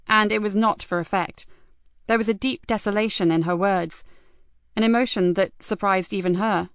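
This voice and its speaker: A woman reading an audiobook as the narrator, in a measured, even storytelling manner. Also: lowish voice, clean tone, no echo, clean studio sound. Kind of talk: scripted narration.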